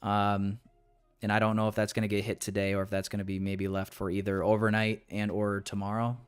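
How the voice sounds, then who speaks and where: A man's voice: lowish voice, monotone, brisk, clear, resonant tone. A young man talking casually through a live trading stream, rambling with restarts and sounding frustrated. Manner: frustrated, rambling, restarts, calls viewers boys. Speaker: day trader streaming live.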